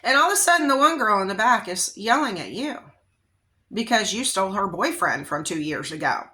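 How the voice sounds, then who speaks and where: A woman reads tarot straight to the viewer in a bright, forward voice at an ordinary pitch. She rambles through a vision as if chatting, stretching out phrases and stopping to ask "okay?" along the way. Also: very animated. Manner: rambling, conversational, drawn-out phrases with frequent "okay?" and fillers. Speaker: tarot reader. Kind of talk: casual psychic reading monologue.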